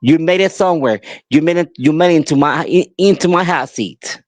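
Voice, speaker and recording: A podcast host with a voice on the high side speaks fairly quickly in a dry recording. His impassioned monologue is angry and emphatic, pleading with listeners and repeating itself.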